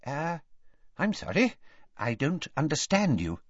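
Brief: man reading as stiff uneasy official, pitched up, lo-fi audiobook. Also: big pitch swings, unhurried, fairly bright tone, husky, dry recording, exaggerated voice. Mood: nervous. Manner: stammering, raised pitch. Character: nervous fussy male ministry official. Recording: dull dry lo-fi recording.

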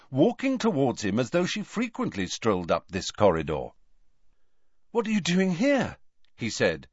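Medium in pitch with a breathy edge, a male audiobook narrator expressively reads a novel in scripted narration. The recording is dull and dry, without any room sound.

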